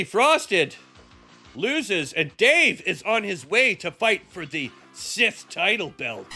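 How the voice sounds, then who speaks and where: High-voiced guy doing goofy wrestling play-by-play, super bouncy, cusses a lot. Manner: loud, joking, cursing, laughs often. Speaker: streamer doing fight commentary. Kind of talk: comedic wrestling commentary.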